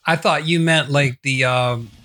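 Bright-voiced, easygoing male podcast co-host. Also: medium pitch, fairly even intonation, a little slow, faint music behind. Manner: easygoing, laughs along often. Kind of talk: casual chat.

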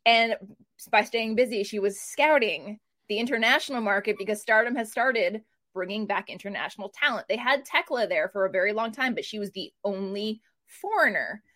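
A woman's voice: mid-range voice, moderate pace. Chatty woman co-hosting a wrestling preview. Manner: animated storytelling with fillers. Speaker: wrestling podcast co-host. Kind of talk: casual preview chat.

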